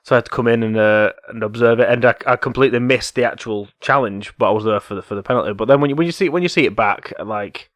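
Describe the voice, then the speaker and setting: A man's voice: medium pitch, quick pace, hardly any pauses, dry recording. Man telling casual football anecdotes. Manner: storytelling, casual, hesitant fillers. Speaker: podcast co-host.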